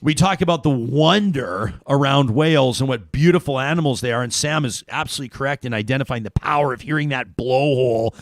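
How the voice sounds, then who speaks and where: A male talk show host with a mid-range voice tells an animated story, restarting his sentences as he goes. The sound is dry and close, with no room around it. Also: medium pitch, a little fast, hardly any pauses, dry recording. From Canada. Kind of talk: casual talk show chat.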